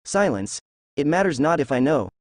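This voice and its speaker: A man's voice: on the high side, sing-song, normal speed, no room sound, clean studio sound. A man voicing a scornful giant fox beast. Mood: disdainful. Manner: contemptuous, snappish.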